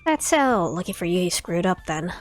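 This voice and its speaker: A woman's voice: fairly low pitch, very animated, moderate pace, soft background music. A woman streamer reading out a sly, evasive shopkeeper from a game, in a wheedling, conspiratorial way. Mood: smug.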